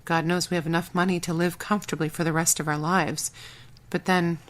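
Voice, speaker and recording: A woman's voice: fairly low pitch, level tone, a little fast, close to an everyday voice. Woman as a blunt ex-agent woman.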